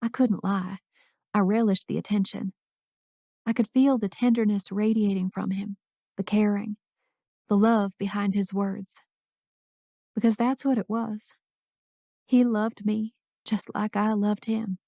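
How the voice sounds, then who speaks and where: A woman's voice: mid-range voice, fairly even intonation, unhurried, gravelly, long pauses, dark tone, dry recording, studio quality. A woman narrating a first-person romance audiobook in an intimate, emotional reading.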